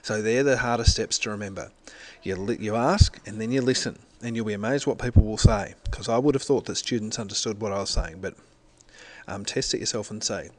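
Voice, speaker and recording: A man's voice: lowish voice, a little fast. Man talking through a teaching presentation. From Australia. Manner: conversational, self-correcting, explaining step by step. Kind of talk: recorded presentation.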